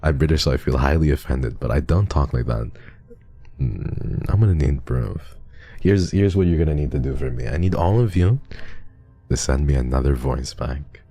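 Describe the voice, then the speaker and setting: A young man streaming and reading donations in a casual chat, soft and affectionate, sometimes teasing his viewers. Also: extremely low pitch, lively intonation, normal speed, no echo, soft background music.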